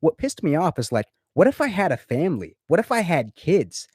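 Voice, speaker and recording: A man in casual chat, telling a story in an animated way, full of swearing and repeated words. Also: a little high, brisk, slightly rough, dry recording, studio quality. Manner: animated, profane, repeats himself. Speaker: guest in a recorded conversation. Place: lives in Florida.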